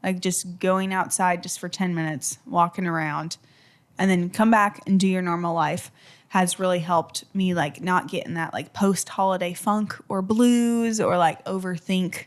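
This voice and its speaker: A woman in her twenties co-hosting a podcast in casual chat, talkative and quick to laugh, with lots of fillers. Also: fairly low pitch, steady tone. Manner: chatty, laughs easily, many fillers. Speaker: podcast co-host.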